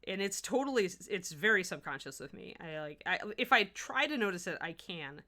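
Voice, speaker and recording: A woman from the American Midwest hosts a painting livestream and chats casually with her viewers. Her voice sits a little low but has a bright, forceful edge. She talks easily while working and often restarts her sentences. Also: animated, brisk. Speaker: miniature painting host. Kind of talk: livestream painting tutorial, answering chat.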